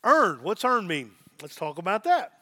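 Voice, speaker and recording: A man's voice: sits high, sing-song, moderate pace, pushed and bright. A middle-aged man, a pastor, preaching a sermon with emphasis and repeated phrases.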